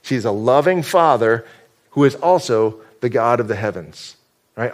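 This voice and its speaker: A man's voice: mid-range voice, fairly quick. A man from upstate New York preaching a sermon as pastor, talking in a conversational, joking way and often restarting his sentences.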